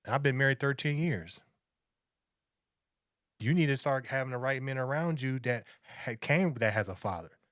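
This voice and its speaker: A man's voice: medium pitch, expressive, moderate pace, long pauses, fairly bright tone, dry recording, clean studio sound. A man, lecturing and repeating himself as he reacts to a video. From Long Beach, California. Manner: lecturing, preachy, repetitive. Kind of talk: reaction commentary.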